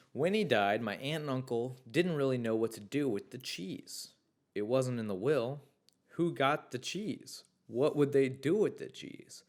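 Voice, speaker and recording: A young man with a fairly low voice hosts a casual podcast and reads stories sent in by listeners. He breaks in often with loud, excitable reactions and free swearing, then settles back into easy chat. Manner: excitable, swears freely, riffs loudly on stories. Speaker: podcast host.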